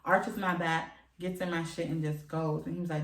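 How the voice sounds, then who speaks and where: A woman telling a candid, animated story to her listeners, often laughing. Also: sits low, brisk, echoey room, recorded from a distance. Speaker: podcast host.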